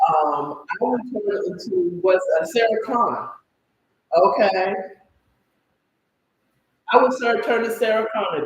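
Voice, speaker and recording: A middle-aged man recapping a story in a casual, animated and dramatic way, his voice at times breaking into cries and shouts. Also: high-pitched, a little slow, pauses often, lo-fi sound. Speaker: storyteller host. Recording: echoey room with faint background noise.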